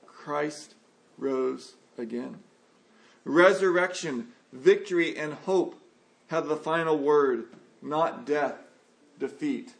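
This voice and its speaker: A man preaches an earnest sermon in a fairly high, gravelly voice. He reads scripture and sometimes jumps up in pitch to act out a frustrated listener's complaints.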